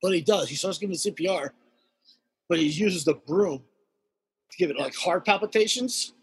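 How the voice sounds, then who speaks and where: A man telling a wild story in casual podcast chat, animated and swearing heavily as he acts out the characters. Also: sits high, moderate pace, husky, long reverb tail. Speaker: guest storyteller.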